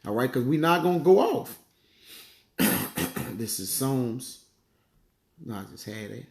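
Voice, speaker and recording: A man giving a casual sermon, chatting loosely and reading Bible verses slowly while he hunts for passages. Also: mid-range voice, expressive, vocal fry, a little mellow, echoey room. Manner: conversational, peppers lines with "man" and "all right"; reads verses slowly, searches aloud for passages. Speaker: bible teacher.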